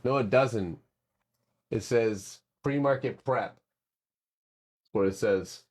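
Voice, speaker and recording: A man's voice: mid-range voice, slow pace, a little mellow, dry recording, clean studio sound. A man casually chatting through chart setups on a live stream, joking around and swearing freely as he thinks aloud. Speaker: stock trading streamer.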